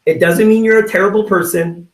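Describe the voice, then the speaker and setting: A man's voice: high-pitched, a little fast. A man giving a motivational sales training talk, acting out little scenes and checking in with "right?" from his home office. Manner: animated, acts out little scenes, keeps asking "right?". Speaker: network marketing trainer. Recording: roomy sound, mic at a distance.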